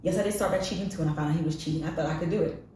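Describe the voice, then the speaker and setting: Woman podcast guest, low register, frank and confessional storyteller, echoey off-mic recording. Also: very fast, dark tone, far from the mic, slight background noise. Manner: frank and confessional, emphatic repetition. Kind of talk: candid personal storytelling.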